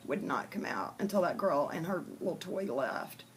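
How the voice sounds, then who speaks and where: A woman's voice: low voice, animated, moderate pace, a little hiss or hum. A woman vlogging in a chatty, blunt way, telling a joke and talking casually to her viewers. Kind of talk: casual storytelling chat.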